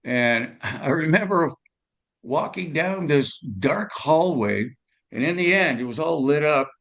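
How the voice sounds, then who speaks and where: Gravelly older man telling stories. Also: a little high, animated, a little slow, a bit bright. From California, USA. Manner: rambling, tag questions, many fillers. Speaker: guest musician. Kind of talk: storytelling interview.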